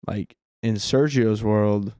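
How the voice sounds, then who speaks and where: A man's voice: on the low side, steady tone, takes it slowly, dark tone, smooth, dry recording, clean studio sound. A man co-hosting a casual film podcast, rambling and restarting his sentences, swearing freely. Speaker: podcast co-host.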